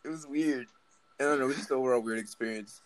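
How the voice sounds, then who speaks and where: A man's voice: mid-range voice, fast, crowd noise, low-quality recording. A young man chatting casually with friends in a group call, joking and laughing often in slangy talk. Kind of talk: casual chat.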